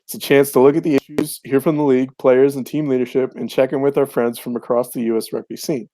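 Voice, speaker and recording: A man hosting a podcast, who moves the talk along in a matter-of-fact tone and reads a short intro. His middle-pitched voice sounds dry and close, with no room echo. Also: flat delivery, fast talker, dark tone. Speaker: podcast host. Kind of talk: casual chat with scripted intro.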